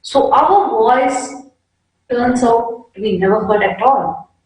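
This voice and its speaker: A woman giving a measured, earnest explanation as a devotee on a devotional panel discussion. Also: fairly high pitch, darkish tone, very echoey, distant mic, rough recording.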